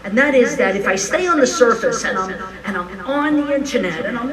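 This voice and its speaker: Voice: medium pitch, fairly quick, hardly any pauses, distant mic, a crowd in the background, rough recording. A minister giving a frank, joking, conversational sermon at a live church service. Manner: animated storytelling, frank and joking.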